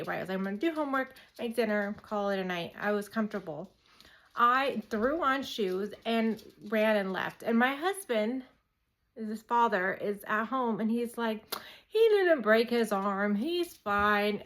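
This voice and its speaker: A woman in her thirties casually telling a story about her son, chatty and animated, acting out the lines she quotes. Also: mid-range voice, low-quality recording.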